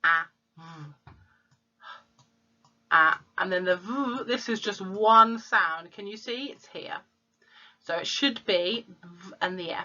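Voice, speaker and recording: A woman teacher, slowly sounding out letters and words in a phonics lesson for young children. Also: medium pitch, sharp tone, dull audio. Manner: slow, clear sounding-out of letters. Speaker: primary school teacher.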